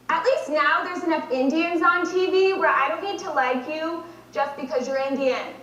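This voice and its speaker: Sardonic teen girl doing a speech-contest monologue, way high voice, far off in a big echoey hall. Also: moderate pace, hardly any pauses, a bit bright, a little hiss or hum. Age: teens. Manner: wry, sardonic storytelling. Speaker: speech competitor. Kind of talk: competitive dramatic monologue. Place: competition stage in a large hall.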